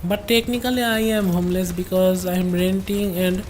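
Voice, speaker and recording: A game streamer with a lowish, steady, slightly mellow voice talks at a moderate pace over faint background noise. She comments on her game, thinking out loud and wandering into asides to her chat.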